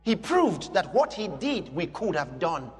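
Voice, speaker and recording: High, lively preacher in a hall. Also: male voice. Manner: emphatic, drawn-out, with bursts of shouting and chuckles. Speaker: pastor. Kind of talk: sermon. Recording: long hall reverb.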